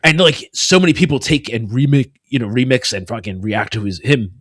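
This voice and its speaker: A man's voice: animated, fairly quick, fairly bright tone, no echo, studio quality. Profane rambling male podcast co-host. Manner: profane, rambling, drops to a low mutter. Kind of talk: casual chat.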